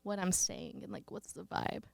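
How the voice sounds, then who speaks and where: A woman's voice: mid-range voice, gravelly, a little mellow, slightly rough, dry recording. Teasing woman with slight Texan twang. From rural Texas. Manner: teasing, quick to laugh. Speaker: podcast co-host. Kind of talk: casual chat.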